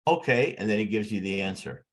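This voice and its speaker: A man who is a guest on an interview about public speaking, talking emphatically and deliberately shifting his speed and volume. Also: lowish voice, animated. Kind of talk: casual interview chat.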